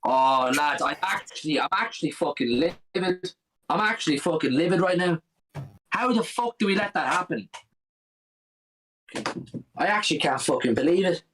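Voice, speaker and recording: A man's voice: a little high, animated, normal speed, pauses often, fairly bright tone, a little hiss or hum, poor audio. A young man co-hosting a live football watch-along, ranting furiously and swearing constantly at his team.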